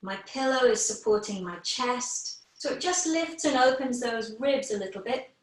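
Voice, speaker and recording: British yoga teacher lady, soft reassuring guidance, bit out of breath, mic far off, roomy sound. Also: fairly high pitch, lively intonation. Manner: gentle, reassuring, slow guidance with fillers. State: short of breath. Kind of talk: guided relaxation class. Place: home room, online class.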